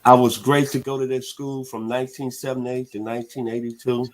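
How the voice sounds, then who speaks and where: A man's voice: medium pitch, little pitch movement, a little fast. A man in his sixties from the Southern United States, hosting sports talk radio in a laid-back, folksy way. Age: 60s.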